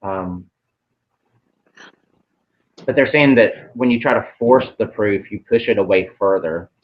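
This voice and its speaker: Low-voiced man channeling, hesitant. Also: unhurried, lo-fi sound. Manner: hesitant, many ums, swears casually. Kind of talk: casual spiritual channeling.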